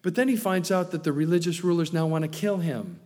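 A pastor preaching a sermon in a conversational way, with joking asides and acted quotes. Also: male voice, fairly high pitch, brisk, darkish tone, big-room sound.

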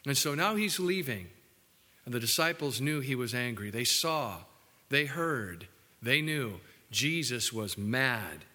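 Pastor guy preaching, bright punchy voice, long church-hall reverb. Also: medium pitch, takes it slowly. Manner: animated, acts out quotes, jokes with the congregation. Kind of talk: sermon. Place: church building.

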